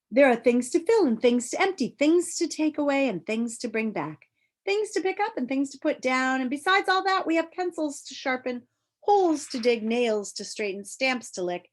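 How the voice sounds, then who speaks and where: Brief: sneering storybook demon, menacing and coaxing, lively up-and-down delivery, as a woman reads him. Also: high voice, pitched above the performer's own voice. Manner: menacing, then soft and deceitful. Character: sly sneering male demon of petty tasks.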